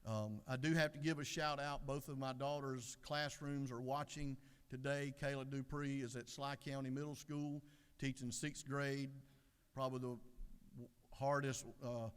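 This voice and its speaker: A middle-aged man giving a folksy devotional sermon, unhurried with many fillers. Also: mid-range voice, level tone, clear, resonant tone. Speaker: devotional speaker. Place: legislative chamber. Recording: echoey chamber.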